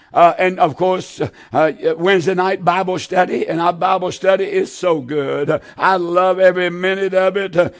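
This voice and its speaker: A man preaching a televised sermon, pleading fervently with his listeners and repeating his appeals over and over. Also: high-pitched. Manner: fervent, pleading, repetitive exhortation.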